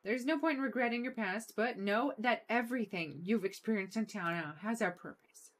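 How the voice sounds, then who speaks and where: Woman reading wise old man, video game, calm, measured, advising. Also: on the high side, natural voice. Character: wise old man giving gentle advice.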